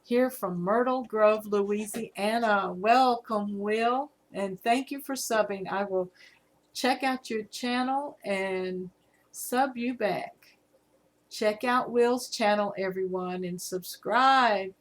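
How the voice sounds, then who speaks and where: Slow-talking Southern woman in her fifties. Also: mid-range voice. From Virginia, USA. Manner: chatty, reads viewer comments aloud, laughs easily. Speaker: livestream host. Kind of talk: casual live-stream chat.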